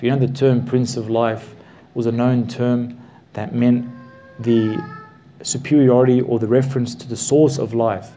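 Mellow-voiced man teaching Bible study. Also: medium pitch, level tone, slight background noise. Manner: slow, emphatic stresses with repetitions.

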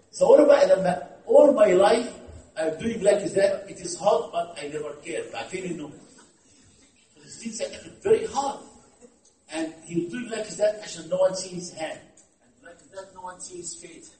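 A man's voice: high-pitched, mellow. A man with an Egyptian Arabic accent, Arabic-speaking by birth, preaching an interactive sermon, asking the listeners questions and switching between English and Arabic. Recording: echoey hall from far off.

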